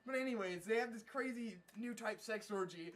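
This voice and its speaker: A man's voice: sits high, normal speed, fairly bright tone. A man giving a rambling, profane and mocking comedic recap of an anime episode. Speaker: anime reviewer.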